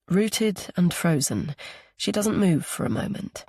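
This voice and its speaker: A man narrating an audiobook thriller in a steady, even storytelling voice. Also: fairly high pitch, moderate pace, vocal fry, slightly rough, no echo, studio quality. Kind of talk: scripted narration.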